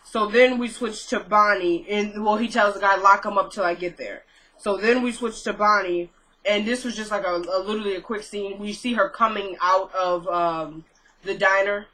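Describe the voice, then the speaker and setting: A woman's voice: mid-range voice, fairly even intonation, moderate pace, sharp tone, low-quality recording. A woman casually recapping a TV episode, chatty and full of fillers. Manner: chatty retelling, filler-heavy, laughs at own asides. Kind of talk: casual chat.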